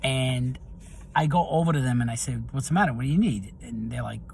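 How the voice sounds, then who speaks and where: A man's voice: mid-range voice, a little fast, vocal fry, a little hiss or hum. A middle-aged man telling personal stories in a casual monologue to camera, getting heated as he recounts what angered him. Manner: storytelling, animated when recounting anger. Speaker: video host.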